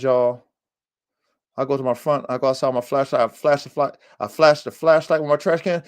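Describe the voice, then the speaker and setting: A man hosts a livestream podcast and tells a story in loose, slangy talk. He swears freely and leans on fillers like "you know what I'm saying." His voice sits at an ordinary middle pitch. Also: fairly even intonation, fairly quick. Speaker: podcast host, dog breeder. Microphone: livestream mic.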